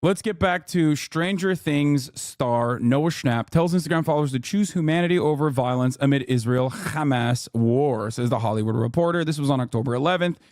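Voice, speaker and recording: A man's voice: medium pitch, normal speed, hardly any pauses, darkish tone, dry recording, studio quality. A man in his thirties giving casual, profane, sarcastic reaction commentary on a video, mocking what he watches.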